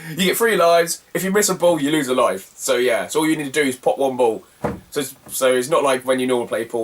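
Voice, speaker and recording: Recorded far from the microphone, a young Cornish man with a medium-pitched voice tells a wandering, slangy anecdote as a retro gaming vlogger. He laughs often between phrases.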